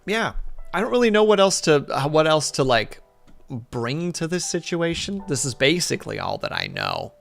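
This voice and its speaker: A male streamer chats with his viewers in a loose, rambling way and pokes fun at himself. His pitch jumps around a lot as he talks. Faint music plays quietly under his voice. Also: wildly swooping pitch, moderate pace, gravelly. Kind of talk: casual live-stream chat.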